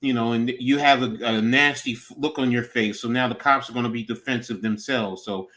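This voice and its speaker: A man's voice: mid-range voice, steady tone, fairly quick, fairly bright tone. Earnest middle-aged man giving advice. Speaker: podcast co-host, coach. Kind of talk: casual chat.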